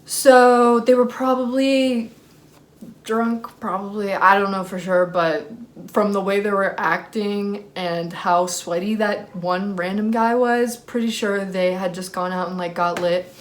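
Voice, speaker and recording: A young woman casually telling a personal story to camera, full of fillers, acting out her own shouting. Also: unhurried. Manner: animated, reenacts screaming at high pitch; many fillers like "like" and "freaking". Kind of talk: casual story time vlog.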